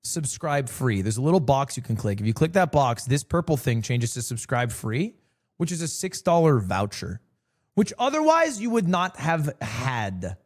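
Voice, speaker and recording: A man with a mid-range voice talks at a moderate pace while streaming live. He chats casually and tells jokey stories, swearing frequently as an animated storyteller.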